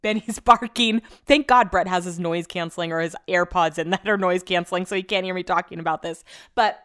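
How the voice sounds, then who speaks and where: A woman's voice: lowish voice, fairly quick, a bit bright, clear, resonant tone. A young adult woman hosting a casual solo podcast from home, rambling through everyday stories, swearing casually and laughing often. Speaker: podcast host.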